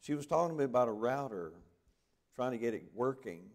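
A man's voice: medium pitch, expressive, fairly quick. An older man from the American South with a Southern Alabama accent, preaching a folksy revival sermon. He is humble and chatty and chuckles as he tells stories. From Southern United States. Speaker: visiting evangelist preacher. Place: church sanctuary.

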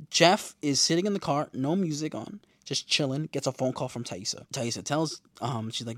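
A man's voice: mid-range voice, fairly quick, few pauses, no room sound. Slangy man recapping a show, dry sound. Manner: animated, slangy, acts out quotes. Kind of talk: casual episode recap.

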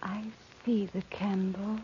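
A woman's voice: medium pitch, flat delivery, warm tone, a little hiss or hum, close to an everyday voice. A woman playing Maria, a faint dying young wife. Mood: drowsy. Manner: faint, weak and drawn-out. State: near death, exhausted. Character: frail dying young wife, fading and fearful. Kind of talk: 1940s radio acting. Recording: dull lo-fi 1940s radio broadcast.

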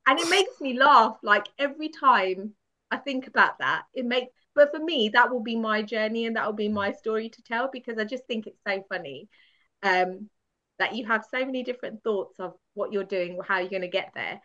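A woman guest from the UK telling a candid story with animated, laughing self-mockery. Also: a little high, moderate pace. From United Kingdom. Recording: dull lo-fi sound.

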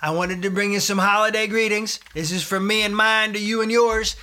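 A man's voice: sits high, fairly even intonation, a little fast, sharp tone. A middle-aged man doing a comic monologue as a folksy preacher, rambling and calling out to brothers and sisters. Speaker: comedic preacher persona.

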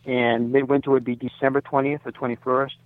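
A man's voice: medium pitch, little pitch movement, a little fast, dry recording. A man in his sixties, a radio interview guest, talking in a rambling way with lots of fillers and self-corrections. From United States. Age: 60s. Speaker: site owner, interview guest. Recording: dry phone-line sound.

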